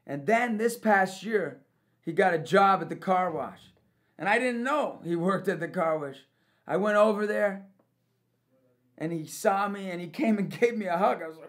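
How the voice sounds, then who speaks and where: A man giving a personal testimony about forgiveness as a youth leader, telling it with lively storytelling that swings from loud to hushed and breaks into laughs. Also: sits high, moderate pace.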